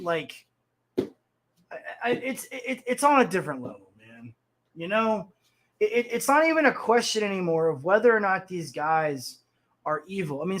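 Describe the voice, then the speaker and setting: A man's voice: extremely high pitch, bright, forceful tone. A man in his thirties hosting a livestream, ranting about the news in a profane, rambling way and reading the chat. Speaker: host.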